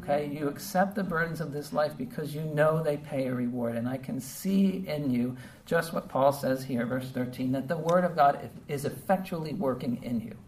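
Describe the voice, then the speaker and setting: Male pastor, heartfelt sermon, halting and conversational, recorded from a distance, faint background noise. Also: on the high side. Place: church service.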